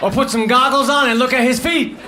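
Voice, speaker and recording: A man's voice: very high voice, fairly even intonation, a little fast, pitched above the performer's own voice. A male comedian putting on a flustered adult actor from a cheap pool commercial, asking whiny, exasperated questions. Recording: noisy live show recording.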